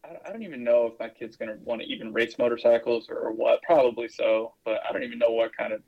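A man's voice: mid-range voice, fairly even intonation, fast talker, phone-quality sound. Rambling, easygoing male podcast co-host. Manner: rambling, filler-heavy storytelling. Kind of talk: casual podcast chat.

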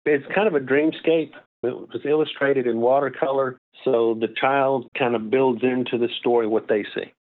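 An older man speaks over a tinny, phone-like line at a middling pitch. He answers interview questions in a relaxed, gentle, explanatory way. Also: moderate pace, hardly any pauses. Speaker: guest author.

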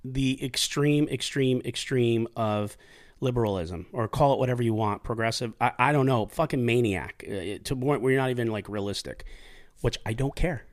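Guy hosting a podcast, swears a lot, tells stories with big energy, mid-pitched voice. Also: normal speed. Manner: profane, animated storyteller. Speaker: podcast host. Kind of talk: casual storytelling chat.

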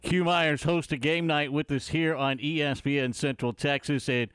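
A man hosting sports talk, his voice resonant and a bit high for a man. He asks questions in a measured, steady way. The sound is close and dry, with no room echo. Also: clean tone. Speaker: sports radio host. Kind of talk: interview questions.

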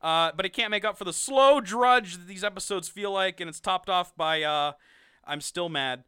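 Young guy ranking tv seasons on a podcast, snarky and laughing, clear smooth voice. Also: high voice, moderate pace, no room sound, clean studio sound. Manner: sarcastic, laughs often, animated. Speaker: podcast co-host. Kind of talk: casual ranking review chat.

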